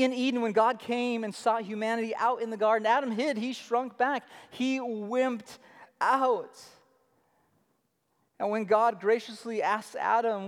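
A man in his thirties preaching a sermon as pastor, animated, swinging between loud emphasis and quiet asides. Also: extremely high pitch. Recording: long hall reverb.

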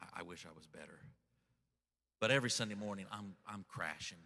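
A middle-aged man preaching a sermon, telling a story with lots of excitement and stumbling repeats as he starts sentences. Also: sits low, brisk. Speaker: pastor. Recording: long hall reverb.

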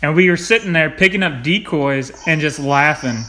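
A man tells a story in a lively, casual way, laughing and throwing in mild swear words. His voice sits a bit high and sounds bright and forward. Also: moderate pace. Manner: animated, swears lightly, laughs while telling stories. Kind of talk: casual chat.

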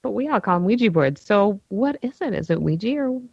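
A woman's voice: medium pitch, expressive, fairly quick, creaky, no echo. A woman co-hosting a casual podcast, chatty and agreeable. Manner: chatty, agreeable, frequent backchannels. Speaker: podcast co-host. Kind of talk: casual chat. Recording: dull lo-fi sound.

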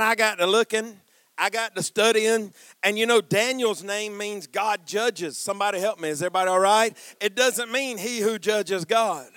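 A man preaching a sermon, swinging from quiet asides to shouted passages and calling out to the congregation. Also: high-pitched, smooth, dry recording. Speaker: pastor.

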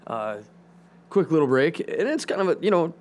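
A man's voice: on the high side, sing-song, normal speed, a little mellow. A man co-hosting a casual podcast, profane and teasing, laughing often as he banters. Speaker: podcast co-host.

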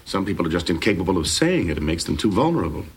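An actor playing a pompous male radio psychiatrist who gives measured, lecturing advice. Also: deep voice, sing-song, slightly rough, full character voice. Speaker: radio psychologist in a sitcom clip.

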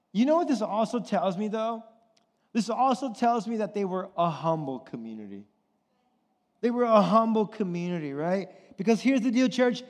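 High-voiced pastor preaching in a reverberant church. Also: male voice, darkish tone. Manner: conversational preaching, keeps asking "right?". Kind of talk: sermon. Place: church sanctuary. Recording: long hall reverb.

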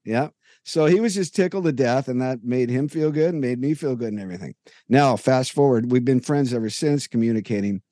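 In a home room lined with jerseys, a male podcast co-host spins a long, detailed story in easygoing chat, voicing each line of dialogue himself. His voice is mid-range and warm, his pace fairly quick, and the sound is clean studio audio with no room sound.

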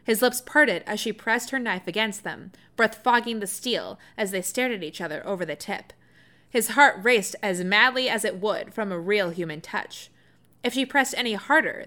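A woman reads romantic fiction aloud, her tone bright and ringing, her pitch sitting in the middle range. She tells the story softly and with feeling. She keeps stopping to laugh and toss in excited remarks. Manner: soft, expressive storytelling with frequent laughs and excited asides. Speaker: reader.

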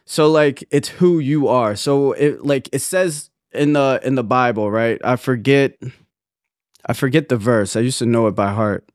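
A young man co-hosts a casual podcast, chatting in an earnest, rambling way with many restarts. His medium-pitched voice is a little slow, and the sound is dry and close with no echo.

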